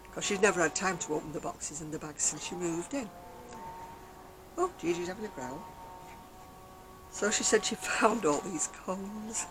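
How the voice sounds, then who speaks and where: A woman from England, her voice on the low side, vlogs outdoors on a garden deck with background noise. She chats casually about her crochet, rambling through stories and laughing often.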